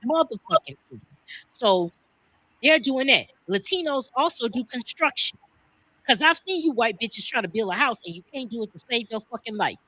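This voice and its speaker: Fired-up, bright-voiced woman ranting. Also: a little high, very animated, normal speed. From United States. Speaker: podcast co-host. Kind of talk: heated casual podcast talk.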